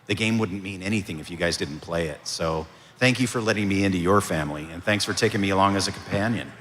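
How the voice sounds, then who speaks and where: A man, a voice actor, answering audience questions at a convention panel in a relaxed, storytelling way. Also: low voice, fast, slight background noise. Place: convention hall. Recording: reverberant convention hall.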